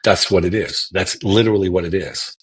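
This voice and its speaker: Deep raspy guy on a podcast call, hammers his points, says stuff twice. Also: fairly even intonation, a little fast. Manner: emphatic, repeats words for stress. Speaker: guest political commentator. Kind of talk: casual podcast talk. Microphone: remote call.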